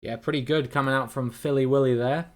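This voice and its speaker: A man's voice: medium pitch, steady tone, a little fast. A man giving chatty, playful live-stream commentary while playing a guessing game with his viewers, greeting them by name and swearing casually.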